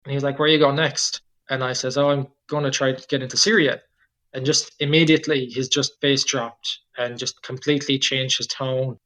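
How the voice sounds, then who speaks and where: A man in his thirties with an Irish accent, a guest cyclist telling his travel story in a relaxed, rambling way, full of "like" and "just". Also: mid-range voice, a little fast, rough recording. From Ireland. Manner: rambling, filler-heavy, with frequent "like" and "just". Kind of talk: casual storytelling interview.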